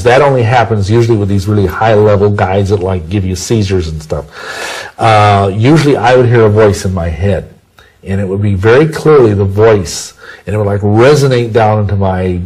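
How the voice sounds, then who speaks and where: A man's voice: on the low side, a little mellow, slightly rough, low-quality recording. A man giving an interview, talking in a rambling, conversational way with many restarts and homely sayings. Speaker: interview guest.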